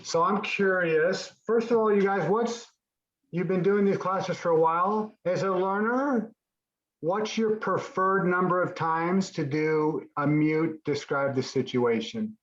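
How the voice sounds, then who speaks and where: A man's voice: high voice, unhurried, reverberant, lo-fi sound. A man teaching a Spanish class online, encouraging students and often restarting his sentences. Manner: encouraging, repeats and restarts while explaining.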